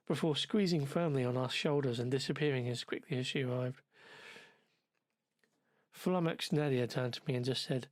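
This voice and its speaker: A man's voice: mid-range voice, normal speed, dry recording. A man, ill with covid, narrating a travelogue in a dry, sardonic, wordy manner. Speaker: travel vlogger.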